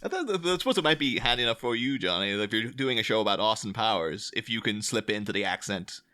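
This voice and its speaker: Bright voiced podcast host guy asking questions. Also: lowish voice, animated, quick pace. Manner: inquisitive, guiding the talk. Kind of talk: casual chat.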